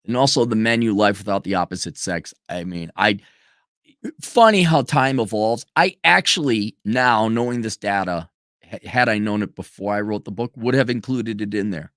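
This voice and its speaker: A man's voice: lowish voice, animated, normal speed, a bit bright, dry recording, clean studio sound. A man hosting a commentary stream, ranting in a profane, sarcastic way and mocking people in put-on voices. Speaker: commentary show host. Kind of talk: livestream rant commentary.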